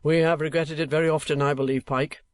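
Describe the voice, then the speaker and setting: A man voicing a smooth-talking, flattering gentleman who speaks in a pompous, flowery, ingratiating way. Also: on the high side, fast, close to an everyday voice.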